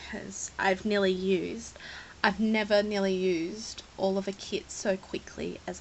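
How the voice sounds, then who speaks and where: A woman's voice: mid-range voice, fairly even intonation, measured pace, vocal fry, slight background noise, low-quality recording. An Australian woman chatting casually as she shows a scrapbook, rambling, apologetic and at times close to tears. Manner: emotional, near tears at times. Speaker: scrapbooking vlogger. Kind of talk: casual chat showing a scrapbook.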